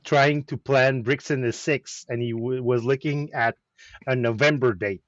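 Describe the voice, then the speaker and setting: A man's voice: medium pitch, a little slow, dry recording, muffled recording. French Canadian man telling a story. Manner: animated storytelling with repeated restarts. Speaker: host of a weekly chat stream. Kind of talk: casual chat.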